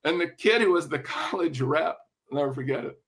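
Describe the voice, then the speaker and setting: An older man, a music industry veteran, telling animated, profane anecdotes in an interview and tagging his points with "right?". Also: fairly high pitch, brisk. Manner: lively, profane, keeps checking in with "right?".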